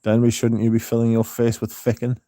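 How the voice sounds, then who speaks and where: A man's voice: mid-range voice, monotone, fairly quick, warm tone, no echo, clean studio sound. A man hosting a casual livestream, rambling, swearing freely and reading out chat, with a slightly sore throat. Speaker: livestream host.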